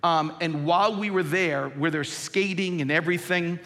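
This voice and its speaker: A man in his fifties leads a sermon from the pulpit in a big reverberant hall. His voice sits high and bright, and he shifts between forceful, rising emphasis and soft, low storytelling. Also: moderate pace. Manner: emphatic preaching, swinging from loud peaks to low quiet storytelling. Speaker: pastor.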